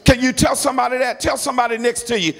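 A middle-aged man with a high voice preaches a sermon in a church, his words trailing off into a long hall reverb. He drives points home by repeating phrases and urging the congregation to answer back. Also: fairly even intonation, rapid-fire, creaky, a bit bright, soft background music. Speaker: pastor.

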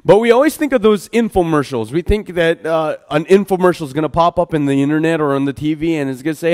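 A man's voice: on the high side, fast, few pauses, a little mellow. A man preaching a casual midweek sermon, chatting with the congregation, stumbling over his words and laughing at himself. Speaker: pastor. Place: church hall. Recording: long hall reverb.

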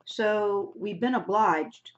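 A woman's voice: medium pitch, slow, close to an everyday voice. A woman reading a folksy backwoods farmer uncle. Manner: folksy drawl, tags "eh?" onto lines, hearty then shifty. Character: rough, boastful middle-aged male hill farmer uncle. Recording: dull lo-fi recording.

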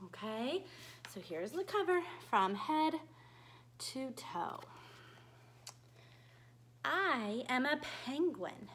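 Woman dance teacher reading a picture book to toddlers, high voice, bright and lively. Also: a little hiss or hum. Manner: slow, animated and cheery, coaxing small children. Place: dance studio.

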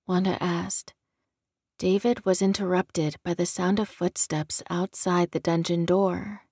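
Audiobook narrator: woman, lowish voice, even storytelling delivery. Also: measured pace, slightly rough, dry recording, studio quality.

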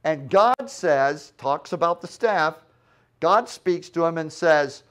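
Preaching in a high-pitched voice, this male pastor takes his time with every phrase. Quoted lines get acted out with dramatic changes, and he stops to let each point land, his manner lively but never rushed.

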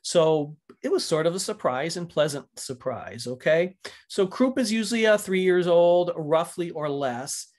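A man's voice: a little high, animated, unhurried, darkish tone. A middle-aged man, a physician assistant, lecturing EMS providers through slides in a conversational way, often correcting himself mid-sentence. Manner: conversational, frequent self-corrections and filler checks.

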